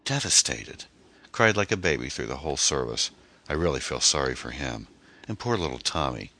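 A man's voice: rumbling low, sing-song, normal speed, sharp tone, heavily acted. A man voicing a weary, grieving single mother as he reads a mystery novel aloud. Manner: weary, strained.

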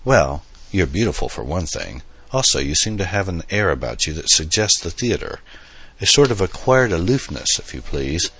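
A man voicing a charming elderly French gentleman with a heavy French accent, courtly and flattering, in an audiobook reading. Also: sits low, moderate pace, breathy edge, no room sound, heavily acted. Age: older. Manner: courtly, flattering, slightly theatrical. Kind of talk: audiobook character voice.

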